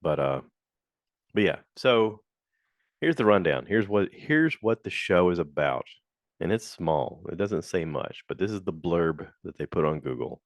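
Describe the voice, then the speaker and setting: A man's voice: big pitch swings, unhurried, no echo. A man hosting a casual solo podcast, rambling through reviews with lots of fillers and acted-out quotes. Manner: rambling and chatty, acts out quotes in high voices. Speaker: podcast host.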